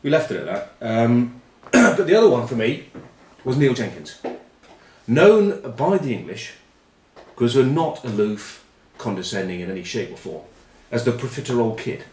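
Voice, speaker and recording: A man spins casual comic stories in a rambling, wry way, full of asides. His mid-pitched voice is animated. The sound is roomy and a little distant from the mic. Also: normal speed, pauses often, slight background noise. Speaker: show regular telling stories.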